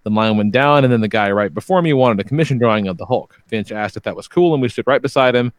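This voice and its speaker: A man's voice: mid-range voice, fast, no room sound. A man co-hosting a podcast, reading out listener stories in a laid-back, swearing, casual chat. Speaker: podcast co-host.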